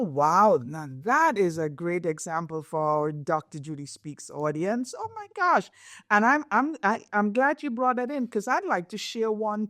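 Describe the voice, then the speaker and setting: A woman's voice: on the high side, no echo, clean studio sound. A middle-aged woman hosting a podcast, explaining in a reflective, conversational way and often checking in with "right?". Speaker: podcast host.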